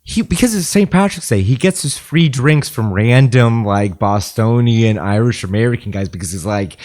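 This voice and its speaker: A man's voice: medium pitch, animated, normal speed, darkish tone. A man co-hosting a podcast, earnestly telling a long anecdote about a friend in casual chat. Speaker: podcast co-host.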